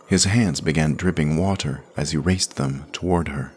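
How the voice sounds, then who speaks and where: Deep-voiced man narrating a story. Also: moderate pace, few pauses, a little hiss or hum.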